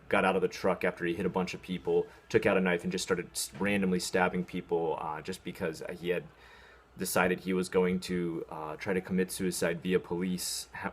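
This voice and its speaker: An American man ranting sarcastically about an article in a casual vlog, with a lot of ums and restarts. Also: sits low. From United States. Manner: sarcastic, mocking, talks in spurts with fillers. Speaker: video host reacting to an article.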